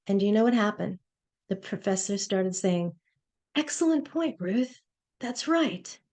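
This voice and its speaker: Woman, coach, motivational webinar, earnest storytelling, mellow tone, slightly high voice. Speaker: presence coach.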